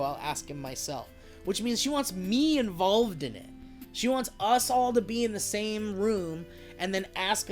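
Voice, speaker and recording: A man chatting casually while live-streaming a video game, rambling, joking and swearing freely as he talks to his chat. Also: sits high. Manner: rambling, profane, jokey.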